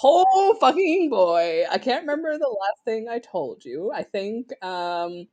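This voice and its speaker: A talkative woman from Canada co-hosts a casual podcast, spinning anecdotes in an easy, mid-pitched voice. She laughs often between lines, and her storytelling is relaxed and friendly. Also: unhurried. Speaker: podcast co-host. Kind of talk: casual chat.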